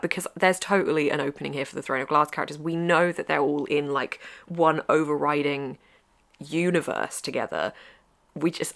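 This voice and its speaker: A woman's voice: low voice, vocal fry, fairly bright tone. A young woman chatting enthusiastically in a casual book review vlog, gushing and laughing often. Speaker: book vlogger.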